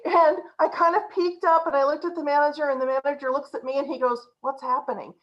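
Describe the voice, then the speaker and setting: Animated woman coach telling a story. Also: sits high, quick pace, muffled recording. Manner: animated, laughs while telling. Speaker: agile coach. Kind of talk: storytelling talk to a group.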